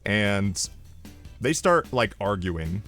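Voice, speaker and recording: Casting: low-voiced male streamer, rambling comic storyteller, faint music underneath. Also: takes it slowly. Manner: rambling, animated, deadpan asides. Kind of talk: comedic storytelling.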